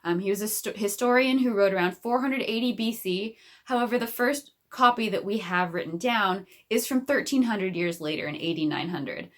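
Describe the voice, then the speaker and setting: A woman's voice: medium pitch, normal speed, hardly any pauses, fairly bright tone. A young American woman presenting a casual video lesson in a chatty, playful way with plenty of fillers. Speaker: catechist presenter. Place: indoors in front of a bookshelf.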